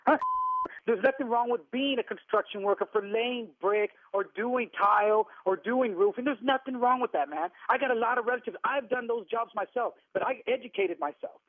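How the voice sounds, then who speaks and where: Angry guy on a prank call, high husky voice, tinny phone sound, snaps back nonstop. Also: no room sound. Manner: indignant, rapid-fire angry retorts. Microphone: telephone.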